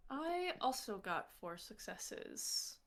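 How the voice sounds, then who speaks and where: A woman's voice: medium pitch, big pitch swings, slow pace. A woman playing a tabletop game who speaks tentatively and weighs her choices. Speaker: player.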